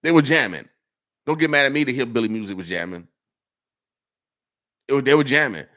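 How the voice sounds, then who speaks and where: Lively, preachy radio host man. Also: medium pitch, fairly quick. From Nebraska, USA. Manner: animated, repetitive, preacher-like exhortations. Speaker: radio morning show host. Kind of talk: casual radio talk. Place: radio studio.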